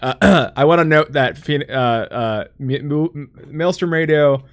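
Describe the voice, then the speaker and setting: A man's voice: fairly high pitch, measured pace. An American man hosting a casual gaming podcast, joking, reading chat aloud and laughing often. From United States. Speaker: podcast host.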